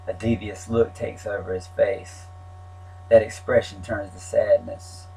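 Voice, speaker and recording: A man's voice: on the low side, flat delivery, slow, dark tone, soft background music, poor audio. A man reading his own story aloud in a plain, wry telling. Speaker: memoir narrator.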